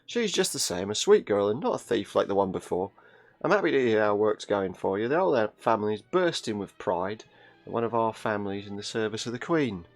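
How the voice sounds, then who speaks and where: A man putting on the voice of a fond, chatty elderly grandmother, pitched high in a fussy old-lady manner. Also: lively intonation, a little fast. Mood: gossipy.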